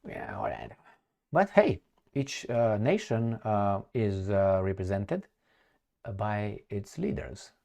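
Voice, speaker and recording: A man's voice: lowish voice, very animated, slow pace, dark tone. A man from Romania with a Romanian accent, giving sarcastic, scornful commentary while reading out news quotes. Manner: sarcastic and scornful, laughs at his own remarks. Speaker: political commentator.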